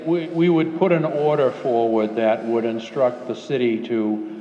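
Halting city councilor in an echoey hall. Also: male voice, mid-range voice, steady tone, dark tone. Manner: halting, restarting. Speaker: city councilor chairing the meeting. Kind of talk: answering questions at a public meeting. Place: public meeting hall. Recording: dull, echoey hall recording with faint noise.

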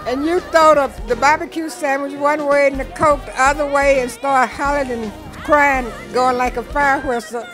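Older woman telling a lively story. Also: high-pitched, normal speed, few pauses. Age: 70s. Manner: lively storyteller, acts out voices from memories. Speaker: birthday well-wisher. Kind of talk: storytelling birthday message. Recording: music and crowd noise behind.

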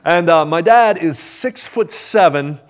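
A middle-aged man preaching, telling a personal story in a lively, animated way, acting out the people in it and asking the congregation "right?". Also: on the high side, a little slow. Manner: animated storytelling, acts out quoted voices, asks the congregation "right?". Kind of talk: sermon storytelling.

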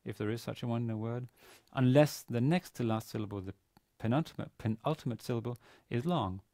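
A man giving a university grammar lecture, pausing often with fillers and restarting his sentences. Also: medium pitch, warm tone, dry recording, studio quality. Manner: hesitant, many fillers and restarts. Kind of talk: classroom lecture. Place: university classroom.

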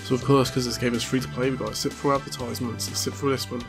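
A hoarse man giving excitable, chatty let's play commentary and swearing often. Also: medium pitch, racing, over music. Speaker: gaming channel host. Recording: noisy home recording.

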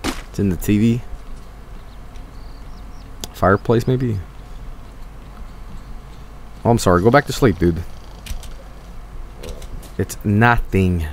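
A man streaming a video game, chatting casually to viewers in a joking, excitable way and swearing freely. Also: on the low side, slow, long pauses, background noise. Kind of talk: casual gameplay commentary.

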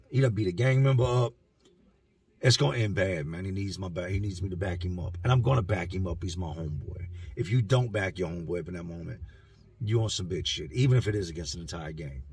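A man's voice: lowish voice, husky, no echo. A man telling a story from his own past in a blunt, slangy, profane way. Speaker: vlogger.

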